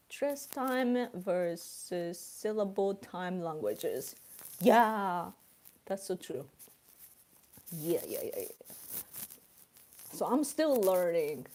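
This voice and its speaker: Japanese woman, lively unhurried chatter. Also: medium pitch. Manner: chatty, laughs often, acts out examples. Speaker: livestream host reading chat. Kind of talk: casual chat.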